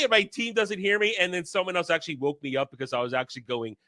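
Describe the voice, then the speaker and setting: A man co-hosting a casual podcast, telling crude, animated stories. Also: sits high, fast, dry recording. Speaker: podcast co-host.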